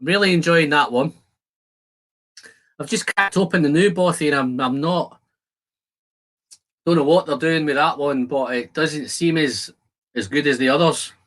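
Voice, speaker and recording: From his shed at home, a man runs a laid-back whisky-tasting stream, joking with his audience and reading out their comments in a chatty manner. His voice sits a little high and is a bit bright, moving at a moderate pace with frequent pauses.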